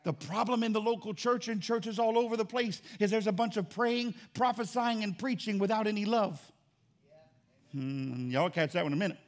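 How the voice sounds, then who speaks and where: A man preaching a sermon as pastor, emphatic and repetitive in cadence, swinging between loud and quiet. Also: sits high, normal speed. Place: church.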